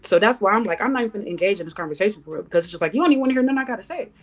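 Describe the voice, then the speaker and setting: A woman's voice: mid-range voice, animated, very fast, soft background music. A woman panelist on a podcast, speaking bluntly and passionately in slangy casual talk. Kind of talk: heated podcast debate. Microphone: studio podcast mic.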